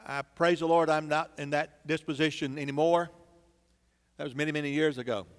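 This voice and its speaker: Long church reverb surrounds this sermon, in which a pastor builds emphasis through dramatic repetition in the sanctuary. His voice is smooth and on the high side, with fairly even intonation and a slightly fast pace.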